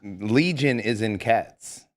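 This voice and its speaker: A man's voice: on the low side, slow. A man co-hosting a casual church podcast chat, joking loosely and saying "bro" a lot. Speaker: podcast co-host.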